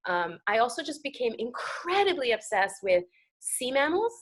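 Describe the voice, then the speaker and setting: An American actress talking as a guest on a talk show, animated and chatty with lots of fillers. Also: female voice, on the high side, normal speed. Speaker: guest actor. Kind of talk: casual interview chat.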